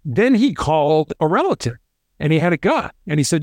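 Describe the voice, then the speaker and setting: A man's voice: fairly high pitch, a little fast, dry recording, studio quality. A middle-aged man, a former hostage negotiator, telling stories in an interview and acting out the voices of the people he quotes. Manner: animated, acts out quoted voices, repeats words. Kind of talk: storytelling interview.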